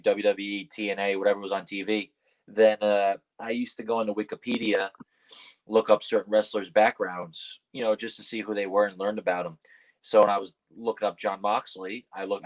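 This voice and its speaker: A man guesting on a podcast, telling wrestling stories in a rambling, casual way, full of fillers and the odd swear, and jumping up high when he acts out his own startled replies. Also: rough recording.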